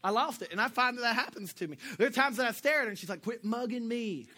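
A young man preaching a sermon as a pastor, animated and joking, swinging between loud bursts and soft asides. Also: very high-pitched, very fast.

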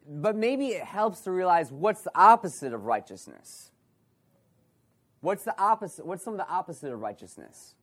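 A man's voice: high-pitched, sing-song, moderate pace. Man preaching with repeated questions. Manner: preaching with rhetorical questions, repeating phrases and restarting. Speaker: pastor. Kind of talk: sermon.

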